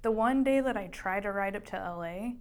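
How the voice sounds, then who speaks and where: A woman's voice: medium pitch, fairly quick. Chatty woman talking about riding. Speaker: motorcycle rider. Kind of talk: casual chat.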